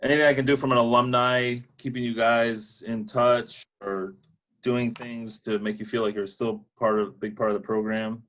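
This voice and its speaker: A man who coaches the team, interviewing former players in a relaxed, joking way. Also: medium pitch, moderate pace. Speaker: head coach interviewing alumni. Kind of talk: casual interview.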